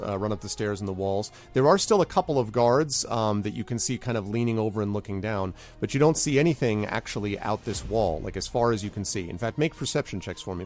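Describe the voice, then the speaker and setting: A man narrating as game master in a tabletop game, relaxed and full of fillers. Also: on the low side.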